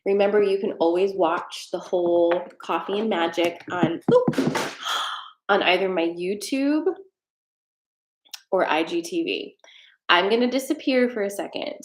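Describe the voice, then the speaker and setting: A woman's voice: lowish voice, a little slow, roomy sound. A woman hosting a live-stream tarot card reading, chatty and rambling with fillers, a little out of breath. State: slightly out of breath. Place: home desk with a treadmill.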